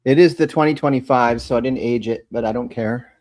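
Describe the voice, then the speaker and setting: A man's voice: medium pitch, a little fast, no echo. A man chatting easily as a guest on a live stream. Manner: relaxed, talks about food and beer. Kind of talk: casual chat.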